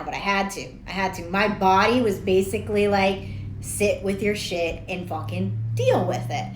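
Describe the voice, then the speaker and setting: A young woman talks casually to camera as a life coach, blunt and chatty, swearing freely and laughing at her own stories. Her voice sits at an ordinary pitch. The room gives it a noticeable echo. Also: measured pace. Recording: roomy echo.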